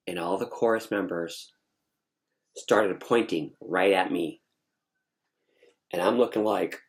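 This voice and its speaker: Animated man telling a story. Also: deep voice, takes it slowly, vocal fry, pauses often. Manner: animated, with many restarts and asides. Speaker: vlogger. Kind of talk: casual storytelling recounting a dream.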